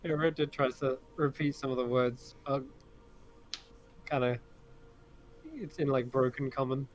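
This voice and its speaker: A man narrating a tabletop game as game master, describing scenes in an unhurried, descriptive way. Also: mid-range voice, steady tone, a little hiss or hum, low-quality recording.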